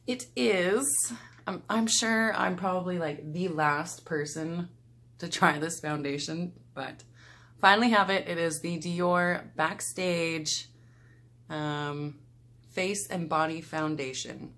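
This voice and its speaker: A woman's voice: fairly low pitch, slow. Laid-back woman chatting through makeup. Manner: chatty, relaxed, talks while applying makeup. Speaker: beauty vlogger. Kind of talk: casual get-ready-with-me talk.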